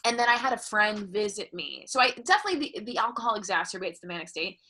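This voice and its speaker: A woman's voice: mid-range voice, sing-song, fast talker, bright, forceful tone, breathy edge. A woman comedian, a guest telling candid, profane stories in casual chat. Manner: candid, profane, bursts of laughter.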